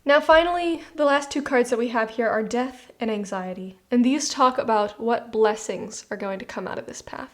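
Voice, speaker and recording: A woman's voice: on the high side, normal speed, few pauses, fairly bright tone. A woman giving a tarot reading. She speaks directly to the listener in an earnest, reassuring, conversational way and often says "you know.". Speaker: tarot reader. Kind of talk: spoken tarot reading to the viewer.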